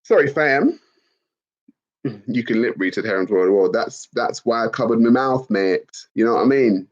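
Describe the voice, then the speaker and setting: A man's voice: mid-range voice, moderate pace. A young man chatting casually on a livestream, reading out viewer comments in a loose, slangy manner with some swearing. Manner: laid-back, slangy, swears, laughs at comments. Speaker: livestream host. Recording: dull lo-fi stream audio.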